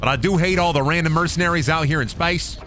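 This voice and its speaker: A man's voice: a little high, quick pace, sharp tone, slight background noise. A man giving casual, joking, profane commentary to himself while streaming a game.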